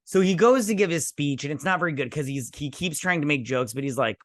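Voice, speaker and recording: A man's voice: a little high, lively intonation, brisk, dry recording, clean studio sound. A man hosting a casual spoken TV review, rambling with many fillers and restarts and mimicking characters' lines. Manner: acts out characters' lines in mocking voices. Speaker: TV review host.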